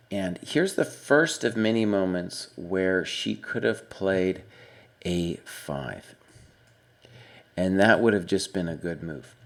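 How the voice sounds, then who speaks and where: Low-voiced man analyzing a chess game. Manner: conversational, thinks aloud with fillers and asides. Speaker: chess coach reviewing a member's game. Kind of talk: casual spoken game analysis.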